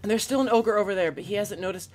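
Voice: mid-range voice, fast, soft background music. Gamer host doing dramatic lets play commentary, chatty, talks right to the viewers. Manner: theatrical and expressive, talking straight to viewers. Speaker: gaming channel host.

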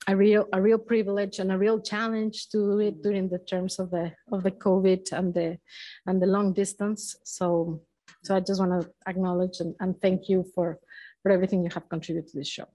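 This woman, a non-native English speaker, is co-curating a museum show and delivering its opening words in the event space. Her delivery is halting, full of restarts and pauses to find words, with a medium-pitched, steady, dark tone.

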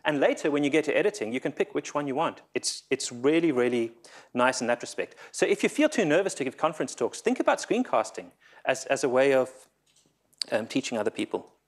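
Guy giving a conference talk, nervous, keeps repeating words, normal pitch. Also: big pitch swings, fairly quick. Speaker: conference speaker. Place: conference hall.

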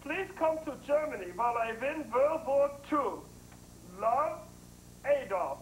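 Man playing a slow, pompous dictator. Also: very high-pitched, sing-song, slight background noise, exaggerated voice, rough recording. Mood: mock-formal. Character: ranting pompous male dictator writing love letters. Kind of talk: sketch comedy.

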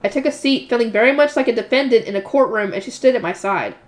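A woman's voice: fairly high pitch, expressive, quick pace. A woman reading a light novel aloud and stopping now and then for casual comments. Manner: breaks off for chatty comments and laughs at herself.

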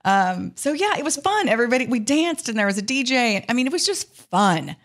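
A woman's voice: a little high, big pitch swings, brisk, fairly bright tone. A middle-aged woman co-hosting a podcast in casual chat, rambling and hesitant, with frequent laughs. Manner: rambling, hesitant, lots of fillers and restarts, laughs often. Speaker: podcast co-host.

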